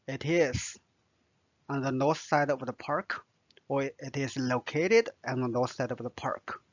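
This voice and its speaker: Slow and repetitive, this vocabulary lesson comes from a man with a mid-range, unhurried voice and a Chinese accent, Chinese being his native language. He says every word more than once, often using fillers, on a dry, dull lo-fi recording.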